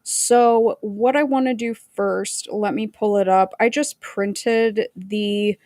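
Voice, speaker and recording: Chatty female stream host, mid-pitched, dry close sound; rambles, reads documents aloud. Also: steady tone, takes it slowly, a little mellow, dry recording. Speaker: livestream host. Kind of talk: casual livestream chat and reading aloud.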